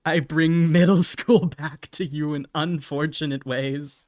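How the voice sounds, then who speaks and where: A man's voice: fairly high pitch, fairly even intonation, a little slow, a little mellow, no echo, studio quality. A young man chatting casually on a live stream while he draws, laughing often and apologizing in a self-mocking way.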